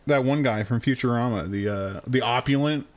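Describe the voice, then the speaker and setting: A man's voice: mid-range voice, normal speed. A man streaming a game, making crude jokes and laughing as he plays. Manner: crude, joking, laughs often. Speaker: gaming streamer. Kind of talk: casual gameplay commentary.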